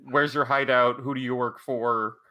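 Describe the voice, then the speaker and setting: A man's voice: medium pitch, steady tone, moderate pace, pushed and bright. A man playing a tabletop game, joking around and laughing between lines. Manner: jokey, laughs often. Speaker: player. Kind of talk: casual tabletop role-play.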